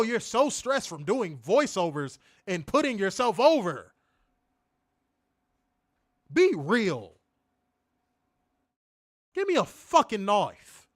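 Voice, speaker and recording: High-voiced man ranting with profanity. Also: takes it slowly, long pauses, dry recording, clean studio sound. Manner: calmer advice-giving. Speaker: wrestling show reviewer. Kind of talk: ranting commentary.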